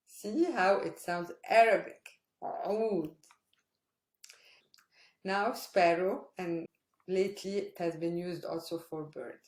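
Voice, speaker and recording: A woman teaching Arabic pronunciation in an online lesson, patiently repeating sounds slowly for practice. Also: fairly low pitch, darkish tone. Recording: roomy echo.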